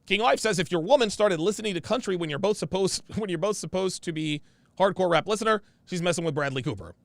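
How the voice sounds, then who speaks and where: A man's voice: high-pitched, fast talker, vocal fry, dry recording. A man hosting a casual livestream, reading viewer comments aloud and reacting in a blunt, slangy way, often saying the same phrase twice.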